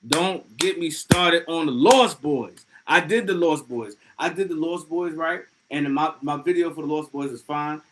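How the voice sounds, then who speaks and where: A man hosting a casual livestream, talking loosely and excitably with plenty of profanity as he reads out chat messages. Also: medium pitch, low-quality recording. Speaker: livestream host.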